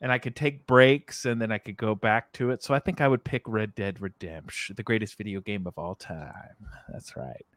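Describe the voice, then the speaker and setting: A man's voice: fairly low pitch, moderate pace, fairly bright tone, dry recording, clean studio sound. A man hosting a casual gaming podcast, playful and hammy, laughing often as he talks over a video call. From Southern California. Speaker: podcast co-host.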